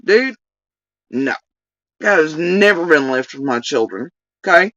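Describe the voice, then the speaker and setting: A woman's voice: low voice, lively intonation, moderate pace, fairly bright tone, no room sound, distant mic, lo-fi sound. Heated, swearing woman ranting on stream. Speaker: livestreamer. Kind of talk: livestream rant.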